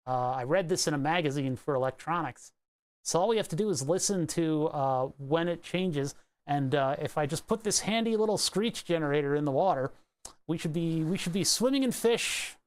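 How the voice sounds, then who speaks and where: A man's voice: a little high, lively intonation, moderate pace. A man streaming live and chatting casually, reading excerpts aloud and musing over them, with the odd swear. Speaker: livestreamer.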